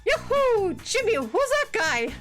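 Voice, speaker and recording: A woman doing a squeaky, exaggerated impression of Mario, a cheery, excitable little plumber. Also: takes it slowly, faint music behind, full character voice. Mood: goofy.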